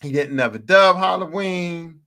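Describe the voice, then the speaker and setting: A man hosting a podcast, telling stories in a profane, animated, casual way and repeating himself for emphasis. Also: sits high, unhurried. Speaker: podcast host. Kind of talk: casual storytelling monologue.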